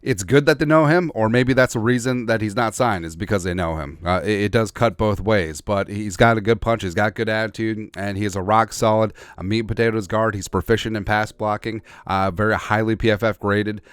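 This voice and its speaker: A man hosting a sports podcast in a fairly low, smooth and resonant voice. He rants with blunt, sarcastic opinions. The sound is dry and close. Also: steady tone, brisk, hardly any pauses, dry recording. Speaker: podcast host.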